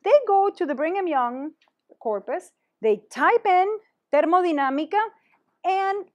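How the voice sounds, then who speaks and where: A woman presenting a teacher-training workshop, talking animatedly and dropping in Spanish phrases. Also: a little high.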